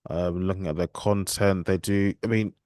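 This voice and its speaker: A podcast host with a low, steady, slightly mellow voice asks his interview questions politely but hesitantly, full of ums and restarts. He talks at a moderate pace, and the studio recording is clean with no room sound.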